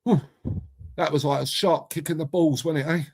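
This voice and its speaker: A man's voice: a little high, fairly even intonation, normal speed, slightly rough. A middle-aged English man hosting a casual live chat, blunt and matey, swearing freely and calling viewers mate and bruv. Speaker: live stream host.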